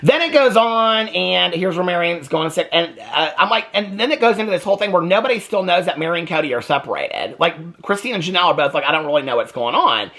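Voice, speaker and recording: A man rants through a TV recap in a lively, bouncing voice that swings widely in pitch. His tone is bright and blunt, and he sounds exasperated as he gives casual commentary. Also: fast talker, hardly any pauses. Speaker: TV recap vlogger.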